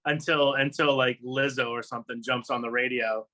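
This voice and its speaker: Bright-voiced podcast co-host. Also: medium pitch, steady tone, moderate pace. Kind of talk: casual chat.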